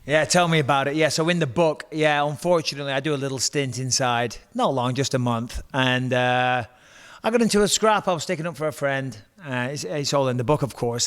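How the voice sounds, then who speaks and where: An Englishman in his forties, a retired fighter, tells stories across a kitchen table in a casual interview. His mid-range voice is clean, and he's chatty, joking and animated.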